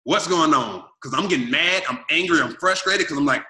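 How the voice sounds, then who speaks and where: A man in his thirties from Arkansas, telling his life story in an energetic, emphatic way and acting out what he and others said. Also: on the high side, fairly quick, hardly any pauses, roomy sound. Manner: energetic, repetitive and emphatic, quotes himself and others. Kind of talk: animated storytelling.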